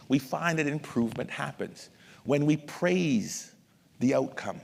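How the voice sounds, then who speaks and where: A middle-aged man presenting at an education masterclass, who addresses the audience directly and acts out examples in a lively lecture. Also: fairly high pitch, measured pace, gravelly. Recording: long hall reverb.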